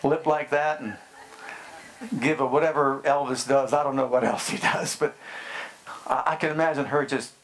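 A middle-aged man preaching a sermon, with slow, emphatic phrasing and rhetorical questions to the congregation. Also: mid-range voice, fairly even intonation, fairly bright tone. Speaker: pastor.

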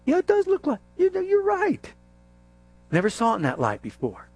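A man doing a soft, charmed young woman. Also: very high-pitched, huge pitch swings, moderate pace, voice pushed up, full character voice.

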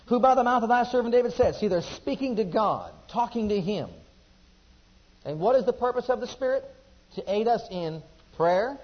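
A man preaching a sermon who asks the congregation questions and swings between loud emphasis and quiet asides. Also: high-pitched, dull audio.

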